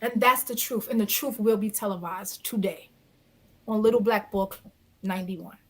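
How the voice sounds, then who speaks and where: A woman guest on an interview podcast, telling a story in a blunt, dramatic and expressive way, acting out other people. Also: mid-range voice, moderate pace. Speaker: guest, reality dating show cast member.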